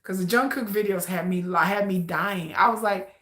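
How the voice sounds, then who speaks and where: A woman's voice: mid-range voice, normal speed. Chatty woman in an echoey room. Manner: chatty, animated, addresses viewers as y'all. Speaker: K-pop reaction vlogger. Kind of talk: casual chat to a live audience.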